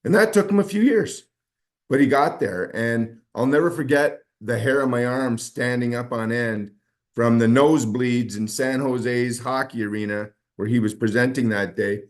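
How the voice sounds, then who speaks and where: A man hosts a motivational team call with an enthusiastic, rambling delivery. His voice sits at an ordinary mid pitch for a man. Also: normal speed.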